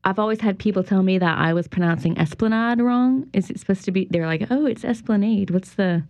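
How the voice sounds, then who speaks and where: A woman from New Orleans hosting a casual interview, chatty and lively, often laughing. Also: medium pitch, quick pace, dry recording. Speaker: podcast host. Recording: dry, dull lo-fi audio.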